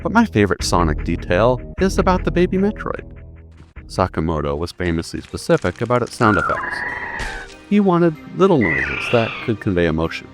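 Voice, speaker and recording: Male narrator, deep voice, animated delivery; scripted video essay with emphatic punchlines, faint music bed. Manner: emphatic, building to punchy statements. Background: faint background music.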